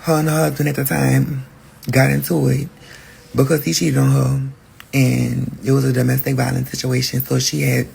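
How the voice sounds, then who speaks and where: Man with a heavily gravelly voice. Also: medium pitch. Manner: candid, profane, animated storytelling. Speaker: podcast host. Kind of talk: personal storytelling.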